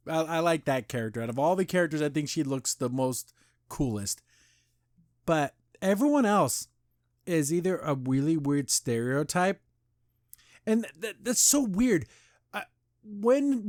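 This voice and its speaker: A man's voice: on the high side, no room sound, studio quality. A young man hosting a podcast, giving a casual, opinionated review that rambles with lots of restarts and repeated words, often with a sarcastic edge. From United States, grew up in Las Vegas. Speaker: podcast host.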